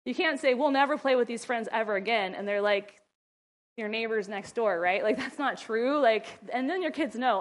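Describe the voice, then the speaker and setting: A middle-aged woman talks through parenting advice in a loose, chatty way, breaking into laughter often. Her voice sits a little high, and she slips into a firm, scolding tone when she acts out what she tells her kids. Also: moderate pace. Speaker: mother and ministry wife giving parenting advice. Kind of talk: casual advice talk.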